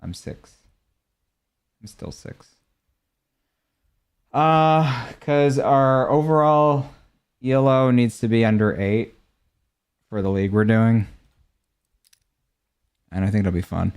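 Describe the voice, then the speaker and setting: Long pauses punctuate the slow, medium-pitched speech of this young streamer, whose tone is clear and resonant. Between showing skins, he casually responds to viewer questions on his gear and rank.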